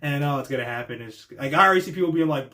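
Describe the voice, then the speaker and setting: A young man giving casual wrestling reaction commentary, excitable and slangy, swearing freely and acting out wrestlers' pleas in a much higher voice. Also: very fast.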